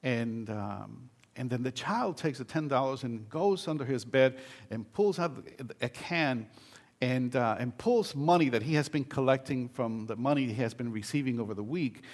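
A man's voice: medium pitch, expressive, normal speed, a little mellow. An older man, a pastor, giving a sermon in a conversational storytelling way, with many fillers and restarts.

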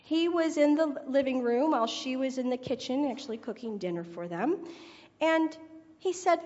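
A woman's voice: sits high, lively intonation, moderate pace, darkish tone. A woman preacher telling a joke and then giving her sermon, chatty and laughing at her own jokes. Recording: reverberant hall, dull sound.

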